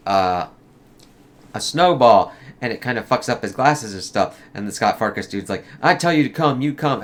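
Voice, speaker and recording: A man's voice: mid-range voice, a bit bright. A man giving a casual, rambling movie review, swearing freely and acting out quotes in a raised voice.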